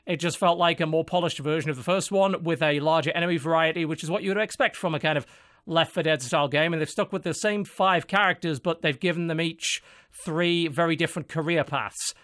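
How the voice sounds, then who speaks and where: A man's voice: fairly high pitch, a little fast, a bit bright. A man hosting a casual gaming podcast, dry and matter-of-fact as he moves through the list. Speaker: podcast host. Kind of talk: casual chat.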